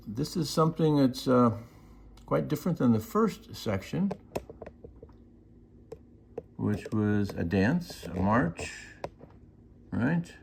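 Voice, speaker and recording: A man's voice: mid-range voice, gravelly, a little mellow, breathy edge. A man teaching music, explaining markings and singing out rhythms and counts. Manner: sings rhythms and counts beats aloud. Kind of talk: instructional explanation.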